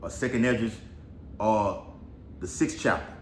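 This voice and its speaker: A man's voice: lowish voice, unhurried. A man giving casual, rambling Bible prophecy commentary, full of swearing and repeated "all right"s. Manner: rambling, profane, keeps saying "all right". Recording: echoey room with faint noise.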